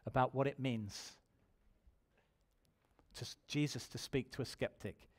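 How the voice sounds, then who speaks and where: A man's voice: medium pitch, steady tone, a little slow. A man preaching a sermon in church, telling his own testimony and building to emphatic appeals.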